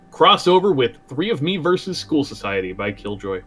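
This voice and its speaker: A man's voice: medium pitch, sing-song, moderate pace, a bit bright. A man co-hosting a podcast, reading a story aloud in a crude, joking, chatty way. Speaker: podcast co-host and reader.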